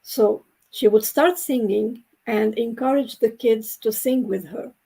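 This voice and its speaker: A woman from the Middle East whose first language is not English speaks slowly and earnestly on a video call. Her voice is mellow, husky and gravelly, a little higher than average. She talks in an unhurried, heartfelt way. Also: poor audio. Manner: slow, earnest storytelling. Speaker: co-host. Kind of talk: casual chat, storytelling.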